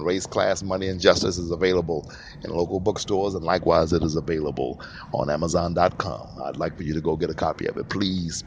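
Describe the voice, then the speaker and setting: A man's voice: sits low, a little hiss or hum. A man hosting his own podcast, talking in an emphatic way and repeating phrases for stress. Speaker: podcast host. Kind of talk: solo podcast monologue.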